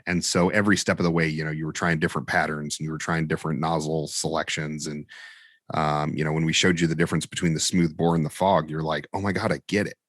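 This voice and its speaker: A man's voice: a bass voice, little pitch movement, quick pace, no echo, studio quality. A man, a fire training instructor, telling a story in a casual interview and acting out the quoted dialogue with animation.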